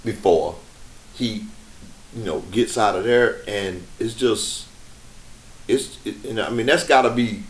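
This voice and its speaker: A middle-aged man hosting a podcast, telling a story in an unhurried, conversational way with frequent restarts. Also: fairly low pitch. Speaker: podcast host.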